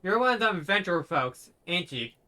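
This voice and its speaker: A man reading out a young village boy in a fantasy game, speaking in a quiet, halting, folksy rural dialect. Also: high-pitched, very animated, heavily acted. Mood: pleading.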